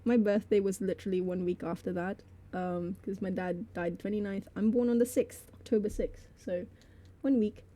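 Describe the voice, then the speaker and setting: A woman's voice: mid-range voice, steady tone, moderate pace, warm tone. A woman streamer telling a story to her live chat, rambling with lots of fillers and laughing between phrases.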